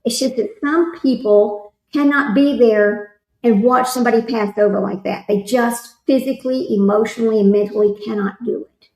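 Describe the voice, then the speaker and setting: A woman's voice: a little high, fairly even intonation, normal speed, darkish tone, reverberant, low-quality recording. A woman, hosting a casual livestream and chatting with viewers in a rambling way while reading their comments aloud. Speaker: livestream host commenting on a trial. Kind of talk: casual chat with live chat readers.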